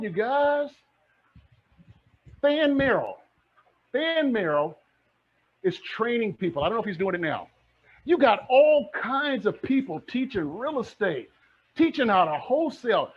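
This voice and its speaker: A middle-aged man speaks as a real estate mentor in a motivational presentation, his voice sitting high and husky. He's fired up and hammers his points again and again like a preacher, captured on muffled lo-fi audio.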